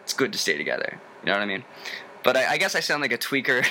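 A man's voice: fast talker, slight background noise. A young man from Tennessee with a General American accent, rambling casually and jokily as he introduces himself in a video. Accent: General American, no Southern drawl. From Tennessee, USA. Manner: rambling, animated, jokey, with sudden high sung bits. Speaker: vlogger introducing himself to a forum.

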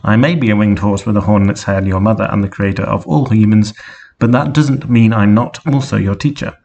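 An erratic pony goddess who lectures deadpan and then snaps into shouting, read by a man. The voice stays low and husky, with a gravelly edge. It sits in a deadpan reading of an absurd storybook tale. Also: brisk. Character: female winged unicorn goddess, mother and teacher, erratic.

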